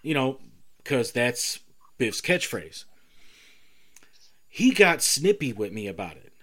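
A man's voice: mid-range voice, slow pace, slight background noise. A man co-hosting a podcast, telling a story in casual chat and acting out the people in it. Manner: animated storyteller, acts out quoted exchanges. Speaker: podcast co-host.

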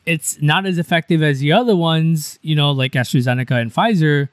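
Man, podcast co-host, slightly high voice, loose joking delivery full of fillers, dry close mic. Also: fairly quick, no room sound. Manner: chatty, joking, many fillers. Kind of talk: casual news chat.

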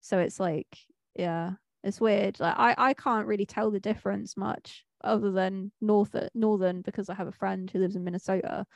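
A woman's voice: medium pitch, fairly even intonation, normal speed, gravelly, dry recording, studio quality. A woman from Manchester co-hosting a podcast, chatting casually and rambling with lots of fillers and restarts. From Manchester, England. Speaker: podcast co-host. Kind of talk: casual chat.

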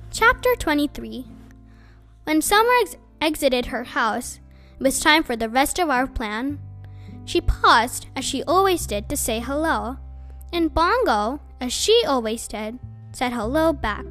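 A woman reading a children's book aloud as host of her own storytime, in an expressive, animated way. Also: sits high, a little slow, faint music behind.

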